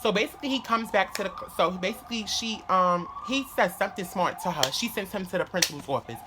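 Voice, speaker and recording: A man's voice: sits high, lively intonation, fast talker, very noisy. A man telling a story to camera in a casual vlog, rambling with lots of "like" fillers, restarts and swearing. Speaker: vlogger.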